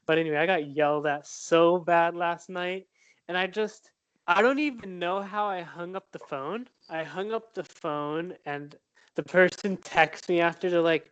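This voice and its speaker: A man's voice: high voice, measured pace, fairly bright tone, clear, resonant tone, dry recording, dull audio. A young man co-hosting a casual podcast, rambling and restarting his sentences. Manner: rambling, hesitant, restarts often. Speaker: podcast co-host. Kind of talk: casual chat.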